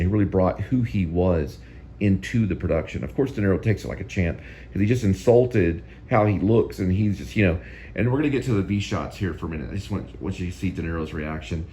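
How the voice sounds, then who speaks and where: A man's voice: sits low, expressive, fairly quick, dark tone, slight background noise. A male host giving casual, rambling film commentary that often repeats itself.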